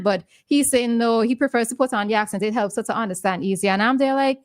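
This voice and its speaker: A woman with a Vincentian accent co-hosting a morning call-in radio show, chatty and quick to laugh. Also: on the high side, no echo, studio quality. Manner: chatty, laughs often, gives call-in number. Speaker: radio co-host.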